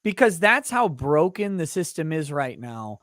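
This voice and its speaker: A man hosting a casual interview, ranting in a quick, indignant way. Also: on the high side, sing-song, a bit bright, no room sound, studio quality. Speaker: host.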